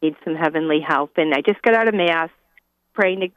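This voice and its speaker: A woman's voice: low-pitched, brisk, no echo. A woman calling in to a talk show, urgently asking for prayers. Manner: urgent, pleading. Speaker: caller. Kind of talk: phone-in request. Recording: tinny phone line.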